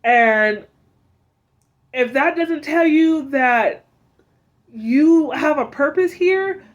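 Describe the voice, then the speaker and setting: A young woman in her twenties tells a deeply personal story in a high voice. She speaks in a heartfelt, searching way, leaning often on "like" and "um". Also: animated, very slow, dull audio. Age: 20s. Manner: heartfelt, fills speech with "like" and "um". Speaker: vlogger sharing a personal story. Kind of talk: emotional personal testimony.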